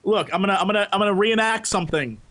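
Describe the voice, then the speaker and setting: High bright jokey podcast dude, voice bouncing all over, light hiss behind. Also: male voice, rapid-fire. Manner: excitable, jokey, slips into silly impressions. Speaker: podcast co-host. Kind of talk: casual chat.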